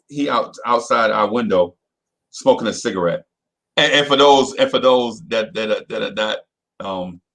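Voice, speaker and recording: A middle-aged man, a podcast co-host, telling a story in casual chat. He talks in an animated way, often repeats himself and keeps saying "you know what I'm saying". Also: medium pitch, vocal fry, low-quality recording.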